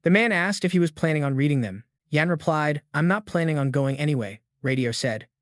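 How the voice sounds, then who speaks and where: A man reads a story recap aloud in a steady, even manner, giving every character the same tone. His voice sits a little high for a man. The recording is dry and close, with no room sound. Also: fairly quick, no room sound. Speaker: narrator. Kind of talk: scripted story recap narration.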